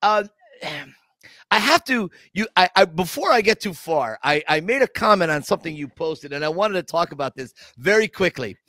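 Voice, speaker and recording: Man, podcast co-host, lively pitch, bright tone, effusive, restarts sentences. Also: moderate pace, dry recording, clean studio sound. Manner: enthusiastic, effusive praise, stumbling restarts. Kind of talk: casual podcast chat.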